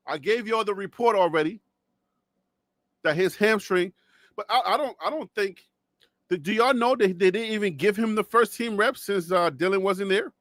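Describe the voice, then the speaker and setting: A man from Liberia ranting on a live sports stream, animated and mocking, dropping to low asides and rising to shouts while losing his voice. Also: no room sound, clean studio sound. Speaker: sports commentator.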